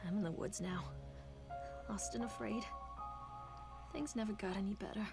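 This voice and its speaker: A woman's voice: mid-range voice, normal speed, close to an everyday voice. An actress voicing a haunted, grieving young mother in a horror game, narrating in a somber, reflective way. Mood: mournful. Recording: game narration with music behind.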